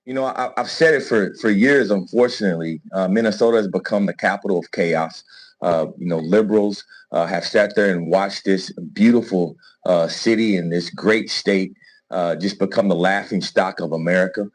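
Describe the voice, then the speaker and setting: A man speaks emphatically as a guest on a TV interview. He uses lots of uh fillers, and his voice is very deep. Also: moderate pace. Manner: emphatic, with frequent uh.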